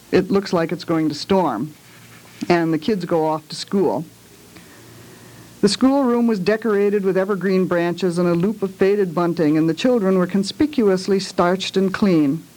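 Measured read-aloud storyteller. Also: mid-range voice, darkish tone, low-quality recording. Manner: measured, with small hesitations in asides. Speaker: parent reading children's books aloud.

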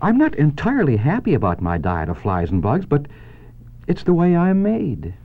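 A man reading aloud and voicing a calm female spider with a thin, pleasant voice, over a tinny phone-like line. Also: fairly high pitch, normal speed, pitched above the performer's own voice. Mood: matter-of-fact.

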